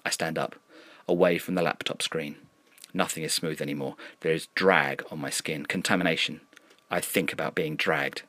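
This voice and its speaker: A low-pitched man reads a dark first-person tale. His delivery stays measured and brooding, with an uneasy edge. The sound is dry and close to the mic, with no room around it. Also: dry recording. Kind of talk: first-person horror story reading.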